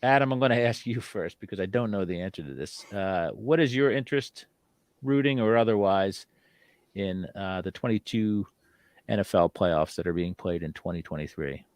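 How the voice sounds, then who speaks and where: A man's voice: low voice, normal speed, dry recording. A man hosting a live call-in talk show, rambling casually with lots of fillers. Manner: rambling, filler-heavy, easygoing. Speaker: host.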